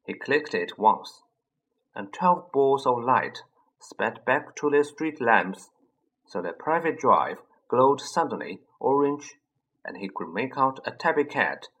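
A man narrating a children's fantasy audiobook in a measured, expressive storytelling manner. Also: medium pitch, breathy edge, low-quality recording. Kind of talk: scripted narration.

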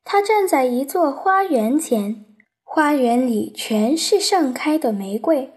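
Slow, lilting woman narrating a storybook. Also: high-pitched, lively intonation, darkish tone. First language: Chinese. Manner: slow, careful, lilting reading. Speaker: audiobook reader.

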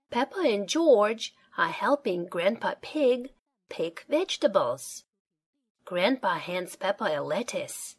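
A woman reads a children's picture book aloud at an unhurried pace. Her pitch rises and falls in a lively, sing-song way as she tells the story. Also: breathy edge. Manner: slow, lively storytelling with character voices. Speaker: storybook reader.

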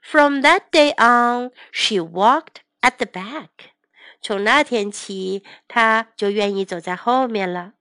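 Woman, English teacher, bilingual story reading, gentle, careful, very slow, slightly high, dry close sound. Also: clean tone, no echo.

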